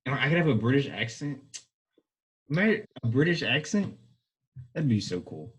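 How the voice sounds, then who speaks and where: A man's voice: mid-range voice, sing-song, moderate pace, fairly bright tone, husky, poor audio. A young man co-hosting a podcast in casual chat, rambling and hedging as he goes. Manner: rambling, hedging, self-correcting. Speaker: podcast co-host.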